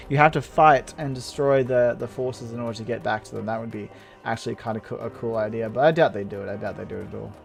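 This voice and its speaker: A man giving casual, rambling gameplay commentary, excitable and laughing often as he plays. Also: medium pitch, gravelly. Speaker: gameplay video host.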